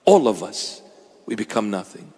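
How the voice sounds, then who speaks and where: A man's voice: lowish voice, very animated, moderate pace, warm tone, breathy edge, big-room sound. A man preaching a sermon to his congregation in an emphatic, rhetorical style, repeating key phrases.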